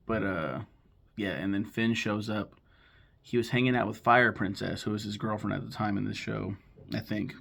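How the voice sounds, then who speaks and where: This man in his thirties has a lowish, steady voice with vocal fry and a fairly bright tone. Ranking his top cartoons for YouTube, he chats loosely to camera, cursing freely, wandering off on tangents, and doing characters' lines in quick voices.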